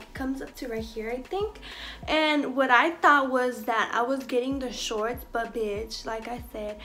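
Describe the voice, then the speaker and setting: This fashion vlogger, a young woman, has a fairly high and somewhat bright voice. She chats casually through a try-on haul of clothes, speaking bluntly and cursing nonstop, while faint music plays behind her in an echoey room.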